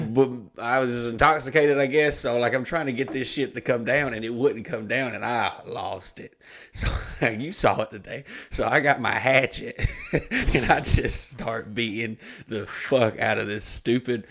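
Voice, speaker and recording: A man's voice: medium pitch, unhurried. A man telling a rowdy story on a podcast, swearing freely and breaking into laughter. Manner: animated, swearing, bursts of laughter. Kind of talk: casual profane storytelling.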